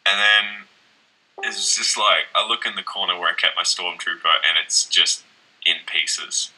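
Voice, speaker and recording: A young dude ranting about his trashed room, low husky voice, swears a lot. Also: steady tone, normal speed, pushed and bright, full character voice, low-quality recording. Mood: rueful. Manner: rambling, profane storytelling. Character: young man recounting a wrecked room, upset. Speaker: date telling a story. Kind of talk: conversational web-series acting.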